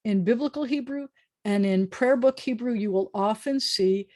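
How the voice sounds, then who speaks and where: A woman's voice: fairly high pitch, normal speed, mellow. Patient woman rabbi teaching online. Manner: explanatory, patient, with frequent ums. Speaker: rabbi teaching prayer book Hebrew. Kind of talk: online Hebrew lesson. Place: home video call. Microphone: video call microphone.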